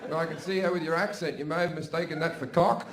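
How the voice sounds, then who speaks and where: The echoey live venue carries a loud crowd and audience noise as a middle-aged Australian stand-up tells crude, swearing stories with brash delivery. He talks fast in a fairly high voice with fairly even intonation.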